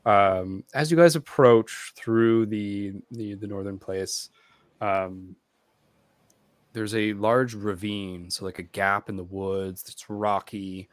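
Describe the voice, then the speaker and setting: A man's voice: fairly low pitch, fairly even intonation, slow pace, no echo. A man narrating as game master of a tabletop game, rambling with many fillers. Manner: rambling, full of "like" and "um".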